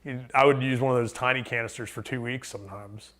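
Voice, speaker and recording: A man's voice: medium pitch, fairly even intonation, fast, fairly bright tone. A man, a podcast guest, talking casually and rambling with lots of fillers and restarts. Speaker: podcast guest, thru-hiker. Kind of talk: casual storytelling chat.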